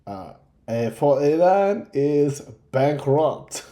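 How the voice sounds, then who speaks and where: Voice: mid-range voice, very animated, extremely slow, warm tone. A game master running a tabletop game, giving dry rulings.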